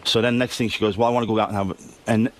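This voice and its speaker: Middle-aged male guest, brash storyteller, fast talker. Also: on the low side, little pitch movement. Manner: brash storyteller who swears freely. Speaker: radio show guest. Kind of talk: telling a story on a talk show.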